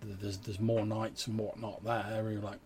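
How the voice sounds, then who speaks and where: A man voicing a young local lad who talks in a rambling, halting way. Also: lowish voice, flat delivery, a little mellow, a little hiss or hum. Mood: chatty.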